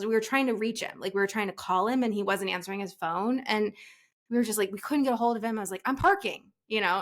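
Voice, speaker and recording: Woman, 40s, podcast guest, animated storyteller, acts out the voices, middle pitch. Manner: breathless storyteller, acts out quoted voices, frequent laughs. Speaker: casting director, podcast guest. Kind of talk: animated anecdote telling.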